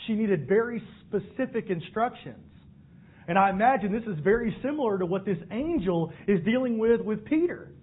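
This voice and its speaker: A male pastor preaching a sermon, telling the story in an animated way and acting out the voices. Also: high voice, moderate pace, husky. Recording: phone-like narrow band.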